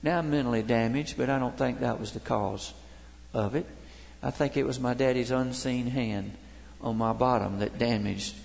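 Older preacher with a gravelly voice. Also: male voice, mid-range voice, normal speed, a little mellow. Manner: folksy storytelling with jokes. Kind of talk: sermon. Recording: long hall reverb.

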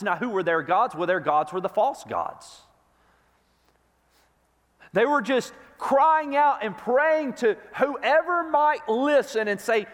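A man's voice: sits high, fairly bright tone. A man preaching a sermon as a pastor, telling the story with emphasis and stumbling over repeated restarts. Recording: long reverb of a large hall.

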